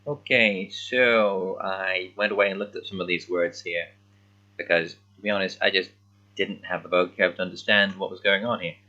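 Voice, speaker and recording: A man reading along with a children's book as a language learner, thinking aloud and sounding out words haltingly in casual commentary. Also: deep voice, fairly even intonation, bright, forceful tone, dull audio.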